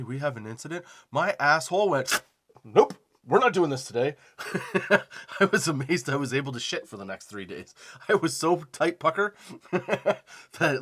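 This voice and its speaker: A man's voice: medium pitch, fairly bright tone. A man hosting a comedy podcast, telling a rambling, profane story with self-deprecating laughs.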